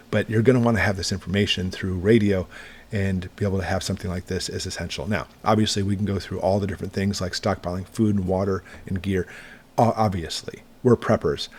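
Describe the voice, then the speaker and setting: A middle-aged man hosting a prepping channel, walking through gear in a casual, plain-spoken, reassuring way. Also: on the low side. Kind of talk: casual product walkthrough.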